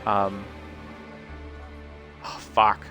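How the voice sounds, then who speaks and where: Man, game streamer, low voice, chatty, casual, sweary. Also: monotone, extremely slow, music in the background. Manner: chatty, sweary, talks about accents.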